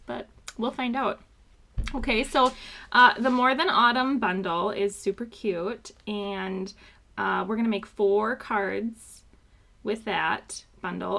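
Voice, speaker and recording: A woman's voice: fairly high pitch, vocal fry, fairly bright tone. A woman hosting a live card-making class, chatting casually and showing each sample card. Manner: chatty, upbeat, loose with fillers. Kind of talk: live craft class walkthrough.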